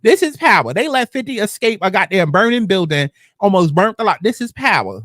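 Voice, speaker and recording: A woman's voice: brisk, no echo, clean studio sound. A woman hosting a casual TV episode recap, talking bluntly with lots of profanity. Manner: animated, blunt and profane, with sudden jumps in pitch. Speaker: TV recap host.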